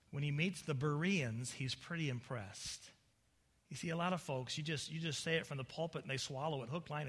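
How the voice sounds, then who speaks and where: A male pastor preaching an impassioned sermon, building to loud peaks and dropping into folksy asides to the congregation. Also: medium pitch. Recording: long hall reverb.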